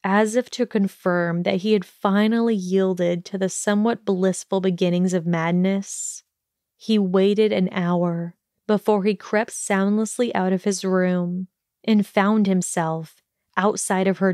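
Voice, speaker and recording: A woman narrating a fantasy fan-fiction audiobook in a steady storytelling manner, on a close mic. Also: medium pitch, takes it slowly, no room sound. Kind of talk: scripted narration.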